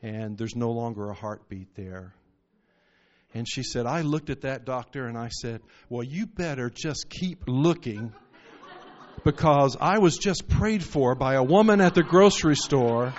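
A man's voice: mid-range voice, lively intonation, unhurried. A man preaching a sermon, telling stories and rising into emphatic bursts. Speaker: pastor. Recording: muffled lo-fi recording.

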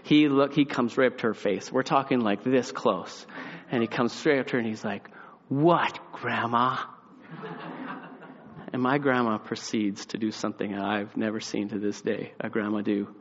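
Animated preacher man in a reverberant hall. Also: fairly low pitch, a little fast, slight background noise. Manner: animated storytelling, acts out voices, drops quiet for reflection. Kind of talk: sermon with a personal story. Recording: muffled sound in a large reverberant hall.

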